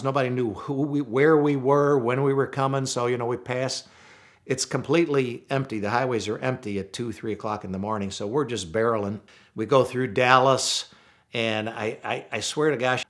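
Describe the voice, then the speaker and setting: Male storyteller, from St. Louis, animated and conversational with frequent restarts. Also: medium pitch. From St. Louis, USA. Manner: animated, repeats words when excited. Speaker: storyteller guest. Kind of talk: casual storytelling.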